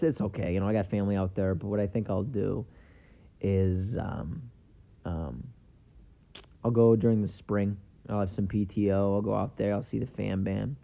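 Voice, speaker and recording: Rambling low-voiced man on a lo-fi podcast. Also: brisk, creaky. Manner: casual, swears, lots of ums. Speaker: podcast host. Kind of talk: rambling solo podcast chat. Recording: dull lo-fi sound.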